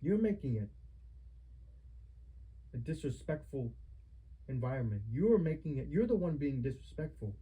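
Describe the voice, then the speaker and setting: A man's voice: a little high, big pitch swings, moderate pace, pauses often, dark tone, breathy edge, poor audio. A man giving a family member a heated lecture at home, stern and repetitive as he scolds.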